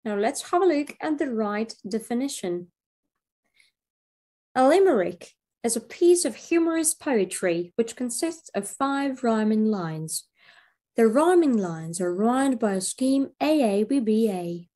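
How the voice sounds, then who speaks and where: A woman teacher giving a slow, clear video English lesson. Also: fairly high pitch, lively intonation, warm tone. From Belarus. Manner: slow, clear classroom delivery.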